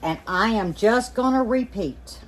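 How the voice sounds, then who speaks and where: A woman's voice: fairly high pitch, animated, a little slow. A woman hosting a folksy, chatty kitchen demonstration, checking in with her viewers as she works. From Louisiana. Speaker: home canning cook, channel host. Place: home kitchen.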